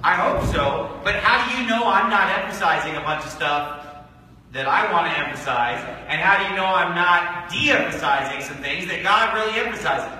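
A man's voice: sits high, expressive, normal speed, sharp tone, very echoey, in a large hall, far from the mic, a little hiss or hum, low-quality recording. A man preaching a fiery sermon as a pastor, firing off repetitive rhetorical questions with sarcastic asides. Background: congregation calling out amens.

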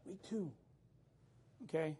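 A middle-aged male pastor preaching a sermon in a casual, animated way, telling a personal story and keeping in touch with his listeners. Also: a little high, takes it slowly, slightly rough.

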